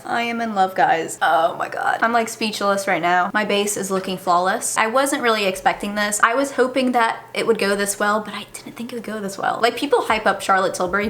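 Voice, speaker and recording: A woman's voice: mid-range voice, a bit bright, a little hiss or hum. A young woman chatting casually as a beauty vlogger, reviewing makeup at her desk with lots of "like" fillers. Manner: chatty, filler-heavy with frequent "like". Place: indoors at a desk.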